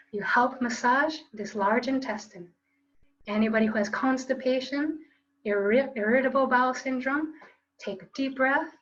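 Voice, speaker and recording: A woman's voice: sits high, a bit bright, muffled recording. A woman teaching a qigong class online, coaching students in an upbeat, playful way with call-and-response phrases. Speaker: qigong instructor.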